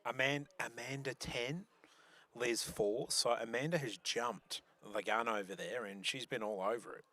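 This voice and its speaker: A man's voice: medium pitch, measured pace, bright, forceful tone. A man commentating a bowls live stream, chatty and joking, with many restarts.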